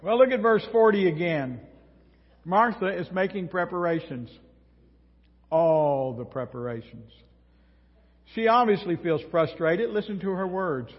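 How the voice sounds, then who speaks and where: Slow, husky-voiced male pastor preaching. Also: sits high. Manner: folksy, humorous preaching with props. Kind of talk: sermon. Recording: echoey hall, dull lo-fi sound.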